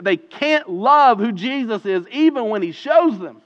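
A man preaching a conversational sermon as pastor, earnest and emphatic, moving between hushed and loud delivery. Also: very high-pitched, animated, unhurried, hardly any pauses. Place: church sanctuary. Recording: reverberant hall, dull lo-fi sound.

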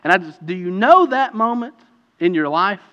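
Preacher telling a story in an echoing hall. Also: male voice, sits high, expressive, normal speed, fairly bright tone, smooth. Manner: storytelling, building to impassioned preaching. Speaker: pastor. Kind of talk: sermon. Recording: reverberant hall, dull lo-fi sound.

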